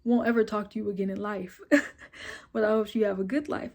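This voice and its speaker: Young woman vlogging, blunt and cussing a lot, animated storyteller, acts out the convo, middle-pitched voice. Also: normal speed, pauses often. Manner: retells scenes with quoted dialogue and filler like "boom, boom, boom". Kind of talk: casual storytelling vlog.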